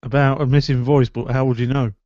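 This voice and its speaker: Teasing co-host, lo-fi sound. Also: male voice, mid-range voice, flat delivery, a little fast, darkish tone, dry recording. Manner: teasing, joking. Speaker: podcast co-host. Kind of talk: casual live podcast chat. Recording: dull lo-fi live stream audio.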